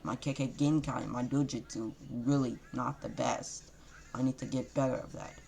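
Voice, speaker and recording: A man voicing a brash, boastful young male ninja who breaks into loud shouts and clumsy rhymes. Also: mid-range voice, steady tone, moderate pace, vocal fry, lightly acted. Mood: rueful. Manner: shouty bursts, loose rhyming.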